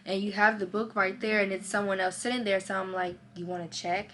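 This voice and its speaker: A young woman telling a story to her vlog audience in a casual, animated way, acting out both sides of a conversation. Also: medium pitch, a little fast, a little hiss or hum. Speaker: vlogger.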